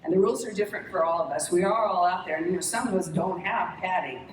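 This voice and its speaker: A middle-aged woman answering questions on a conference stage, telling lively anecdotes and laughing often. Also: fairly low pitch, fast. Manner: animated, acts out voices in anecdotes, laughs often. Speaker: interview guest, former talent executive. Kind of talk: conference Q&A storytelling. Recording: echoey hall, distant mic, noisy.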